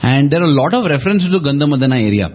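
A man in a relaxed spiritual discussion, retelling a story and explaining its lesson in a reflective way. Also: fairly high pitch, racing. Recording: dull lo-fi recording.

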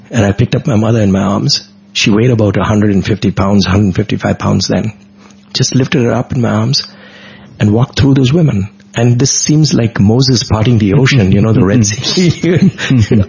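A man's voice: fairly low pitch, moderate pace, gravelly, a little mellow, husky. A middle-aged man, earnestly recounting a devotional personal story in vivid detail in an interview. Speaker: guest. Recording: dull lo-fi recording.

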